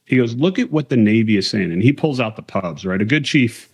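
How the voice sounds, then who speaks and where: A man's voice: mid-range voice, animated, a little fast, breathy edge. A man, a military aviator and author, telling candid stories from his career in a casual interview. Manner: candid, conversational, retells quotes with emphasis.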